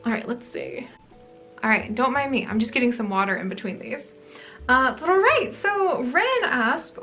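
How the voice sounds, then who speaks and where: A woman's voice: fairly high pitch, fairly bright tone. A woman hosting a gaming channel, chatting casually through a Q&A vlog in a rambling, friendly way. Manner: chatty, rambling, many "like" fillers.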